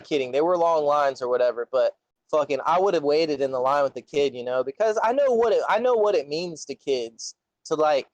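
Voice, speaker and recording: A man's voice: a little high, brisk, dry recording, rough recording. A young man telling a long story in casual chat, rambling and swearing constantly. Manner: profane, rambling, animated storyteller.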